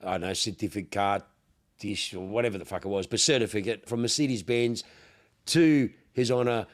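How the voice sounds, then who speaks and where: A man's voice: fairly low pitch, normal speed. An Australian man with a Melbourne accent, hosting a casual podcast chat and telling slangy, swearing stories, acting out what people said. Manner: broad slangy storyteller, swears freely, acts out quotes. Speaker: podcast host, car dealer.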